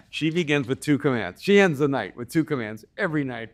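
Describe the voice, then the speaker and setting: A man who is a guest on a podcast, telling family stories in an animated way and laughing often. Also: mid-range voice, a little fast. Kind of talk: conversational storytelling.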